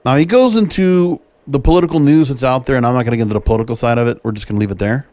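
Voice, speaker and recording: A man's voice: medium pitch, rapid-fire, a little mellow, no echo. A man hosting a solo podcast, reading quotes from an article aloud and then giving his own opinions on them. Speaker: podcast host.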